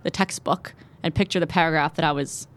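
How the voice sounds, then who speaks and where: A young woman in her twenties, a TV news reporter, telling her story quickly and animatedly as an interview guest. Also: low-pitched, steady tone. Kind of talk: conversational interview.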